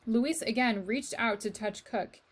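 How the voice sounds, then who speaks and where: A woman reading a children's novel aloud to a class, with slow, expressive storytelling that speaks to the reader. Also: fairly high pitch.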